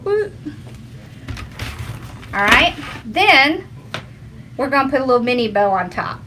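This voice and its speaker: A woman's voice: sits high, bright, forceful tone, slight background noise. A woman hosting a casual craft tutorial at home, chatty and homey, talking to her viewers and her dog. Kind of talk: casual how-to demonstration.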